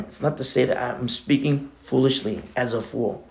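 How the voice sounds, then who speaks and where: A man's voice: medium pitch, fairly even intonation, normal speed, gravelly. A man preaching a sermon as co-pastor, talking in a conversational way with many asides.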